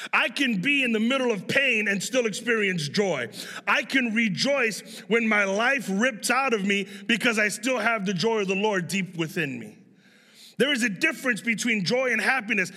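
A young male pastor with a high, bright voice, preaching in a relaxed, storytelling manner. His words ring out with a long hall reverb behind them. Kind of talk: sermon.

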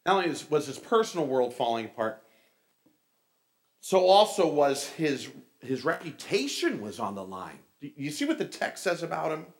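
A male pastor delivering a sermon with a voice pitched a little high for a man. He tells stories with animated delivery and turns to the congregation with casual asides. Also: moderate pace.

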